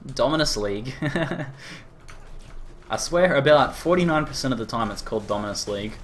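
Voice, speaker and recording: A man with an Australian accent chatting casually with viewers during a live game stream, rambling with lots of fillers and quick laughs. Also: mid-range voice, animated, slight background noise. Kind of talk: casual live-stream chat while gaming.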